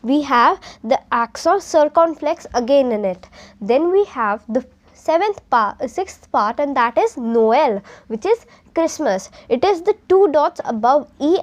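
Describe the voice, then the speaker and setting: A woman's voice: high voice, big pitch swings, measured pace. A young Indian woman teaching a beginner French lesson, explaining step by step and mixing Hindi with English.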